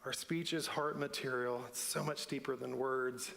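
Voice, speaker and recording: A man's voice: mid-range voice, steady tone, moderate pace, vocal fry, a bit bright. A man preaching a sermon in a church, earnest and building to emphatic repeated lines. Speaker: pastor. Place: church sanctuary. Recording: long church hall reverb.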